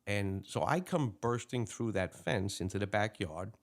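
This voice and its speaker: An older man, a retired police lieutenant, telling a story in an interview. His voice is low but swings widely up and down as he acts out each line of dialogue. The delivery is lively and expressive. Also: unhurried. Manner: animated, acts out dialogue in a raised voice.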